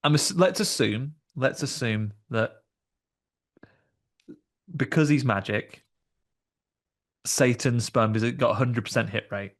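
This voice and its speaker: A man's voice: medium pitch, takes it slowly, long pauses. A man co-hosting a casual film review podcast, joking and acting out lines from the film. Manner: jokey, acts out film lines in funny voices. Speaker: podcast co-host.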